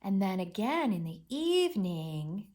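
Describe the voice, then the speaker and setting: A woman's voice: medium pitch, very animated, unhurried, darkish tone. A woman voicing a polite female mouse from a storybook, speaking in a mild, matter-of-fact way.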